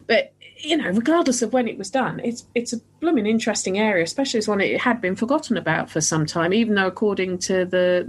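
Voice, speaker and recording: A woman hosting a podcast and chatting casually, often restarting her sentences. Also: medium pitch. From northern England. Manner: chatty, many restarts and fillers. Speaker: podcast host. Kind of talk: casual chat.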